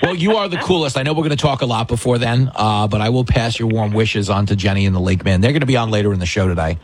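A man's voice: on the low side, fast talker, slightly rough. A middle-aged man hosting a call-in radio show, chatting casually and joking about himself. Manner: chatty, jokey, self-deprecating.

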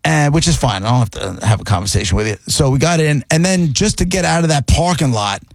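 A middle-aged man telling a long story in casual chat, animated and rambling, often checking in with the listener. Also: a little high, fast talker, vocal fry, no echo. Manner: animated, rambling, repeats "right?".

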